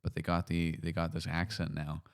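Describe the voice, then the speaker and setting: A man from Canada hosting a podcast, talking in a relaxed, hesitant way with lots of fillers. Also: sits low, brisk, vocal fry, smooth. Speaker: podcast host. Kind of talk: casual chat.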